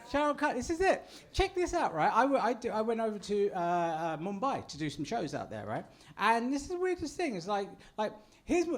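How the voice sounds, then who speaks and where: A man hosting a live comedy show, telling stand-up stories in a chatty, animated way. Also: high-pitched. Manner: chatty, animated, keeps adding "right?". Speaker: comedy host.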